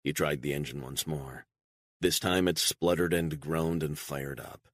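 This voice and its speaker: A man narrating a spy thriller audiobook in a measured, even reading. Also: rumbling low, no echo, clean studio sound. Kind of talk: scripted narration.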